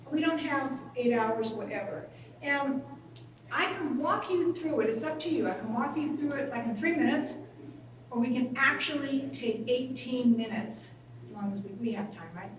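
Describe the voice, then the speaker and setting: A woman speaker telling stories to a workshop audience, chatty and conversational. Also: high voice. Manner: conversational, acts out quoted voices. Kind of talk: storytelling workshop talk. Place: large conference hall. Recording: echoey hall, far from mic, room noise.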